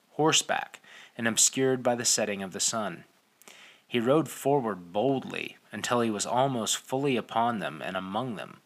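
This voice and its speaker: A man reading an audiobook in steady, measured scripted narration. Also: on the low side.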